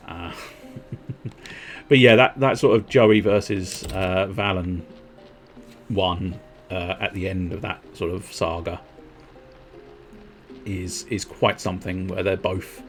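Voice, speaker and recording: A man's voice: sits low, fairly even intonation, takes it slowly, long pauses, soft background music. A man streaming a game, rambling and mocking himself in casual chat. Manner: rambling, self-mocking, giggly.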